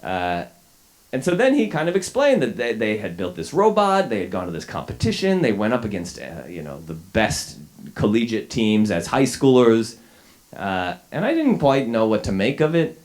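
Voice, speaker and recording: A man's voice: lowish voice, huge pitch swings, moderate pace, a little mellow. A man in his forties, a journalist, telling a wry, self-deprecating story to a live audience, a little sick, with plenty of fillers and restarts. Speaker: journalist giving a talk. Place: lecture hall with a live audience.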